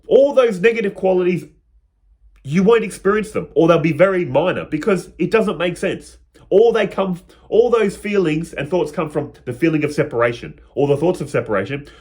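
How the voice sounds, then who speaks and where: Lively, animated man explaining spirituality. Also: fairly high pitch. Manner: earnest, lively, lists words slowly. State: out of breath. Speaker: spiritual video host. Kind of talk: casual spiritual talk to camera.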